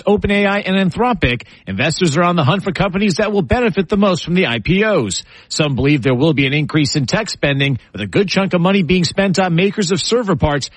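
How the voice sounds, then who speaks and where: A man reading the news as a radio anchor in a measured, steady newsroom delivery. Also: on the high side, husky, no room sound, poor audio. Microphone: studio microphone.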